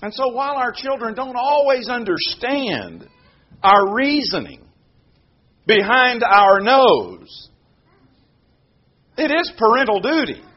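A man preaching a sermon, moving from quiet prayer announcements to loud, emphatic points. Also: very high voice, lo-fi sound. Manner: animated preaching, shifts between hushed announcements and loud emphatic delivery. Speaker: pastor.

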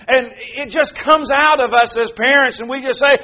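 A man preaching a sermon, moving from quiet prayer announcements to loud, emphatic points. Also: very high-pitched, normal speed, few pauses, muffled recording. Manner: animated preaching, shifts between hushed announcements and loud emphatic delivery. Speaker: pastor.

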